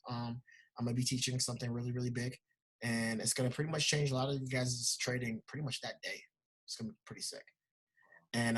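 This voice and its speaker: A man giving a loud, fired-up, blunt motivational talk as a guest trading teacher, laughing often. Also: mid-range voice, breathy edge.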